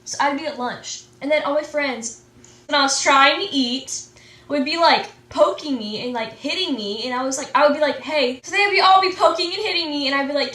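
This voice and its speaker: A teenage girl with a high-pitched, slightly bright voice co-hosts a casual chat, rambling and complaining while saying "like" constantly. She's picked up off-mic from a distance in an echoey room.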